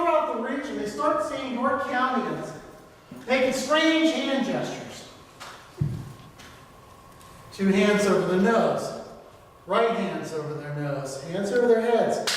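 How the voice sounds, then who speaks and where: A man's voice: extremely high pitch, a little hiss or hum. A man giving a local history talk, telling the story conversationally with filler words, recorded from a distance in a hall. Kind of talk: public history lecture. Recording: echoey hall from far off, faint ambience.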